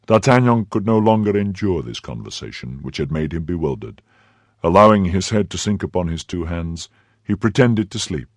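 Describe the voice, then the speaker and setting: A man narrating a classic novel as an audiobook, in a measured, even storytelling manner. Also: deep voice, no echo, clean studio sound.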